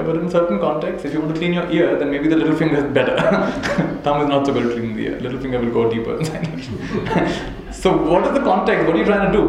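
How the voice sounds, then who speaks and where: A slightly high-voiced man gives a spiritual talk to a live audience. He tells stories, chuckles often and keeps asking "right?". The sound is very echoey, as if from a large hall, with faint noise underneath. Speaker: spiritual teacher.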